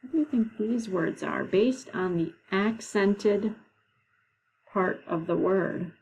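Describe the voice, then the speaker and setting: A woman teacher leading a classroom lesson, explaining patiently and slowly, with frequent "okay"s. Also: medium pitch, a little mellow, slight background noise, low-quality recording. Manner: slow, patient, drawn-out explanations.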